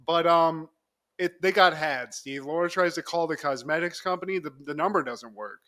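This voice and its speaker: A young man casually recapping a TV episode on a podcast, animated and laughing often as he acts out quotes. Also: on the high side, normal speed. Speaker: podcast co-host.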